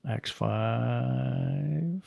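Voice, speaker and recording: A man preaching on scripture, emphatic and unscripted, repeating his key phrases and pausing for restarts and asides. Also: medium pitch, creaky, mellow.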